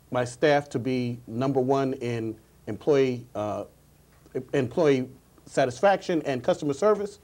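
A public speaking coach appears as a guest on a TV talk show, answering interview questions by telling stories earnestly and often repeating his words. His voice is mid-range and a little mellow.

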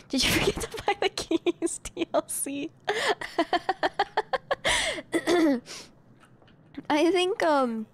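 A young adult woman streaming a game live, chatting with her viewers in a casual way and swearing now and then. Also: sits high. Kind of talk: live gameplay commentary.

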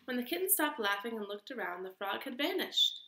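A woman teacher reading a picture book aloud to children in an expressive, sing-song way. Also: fairly high pitch, a little fast, background noise. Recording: echoey room.

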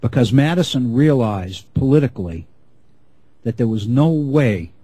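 A middle-aged man giving an unscripted history lecture, measured and often restarting his phrases. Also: mid-range voice, animated, dark tone, slightly rough, no echo, low-quality recording.

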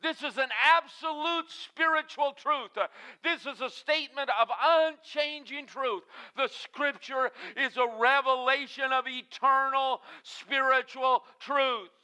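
A man's voice: very high voice, fairly even intonation, unhurried, bright, forceful tone. A man preaching a sermon, emphatic and earnest, with frequent "uh" fillers between phrases.

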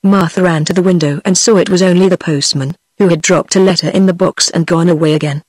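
A computer-generated woman's voice with a British accent, reading a fairy tale aloud in an even synthetic manner. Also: lowish voice, quick pace, husky, dry recording. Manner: even synthetic reading of all parts in one voice. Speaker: narrator. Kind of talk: text-to-speech audiobook reading.

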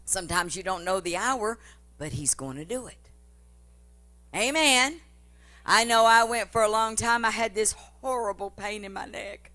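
A woman preaching a fervent revival-style sermon at a church service, building to loud, emphatic declarations. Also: mid-range voice, normal speed.

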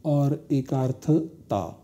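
A man giving a university lecture, explaining step by step in a slow, deliberate way. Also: medium pitch, mellow. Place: recorded lecture studio.

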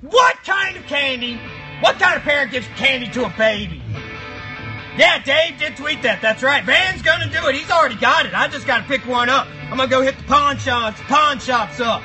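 A man voicing a crude, foul-mouthed, grumpy male box monster who hosts a live stream with shouty, mock-outraged rants. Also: very high voice, lively intonation, normal speed, rough recording. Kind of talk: live stream chat in character. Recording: music playing behind the voice.

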